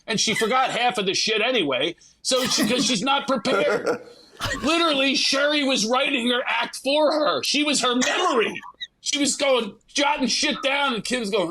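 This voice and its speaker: A man, a guest comedian, telling an animated, profane comic story and acting out the people in it. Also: very high-pitched, normal speed, noisy background. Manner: acts out others in quoted voices, profane.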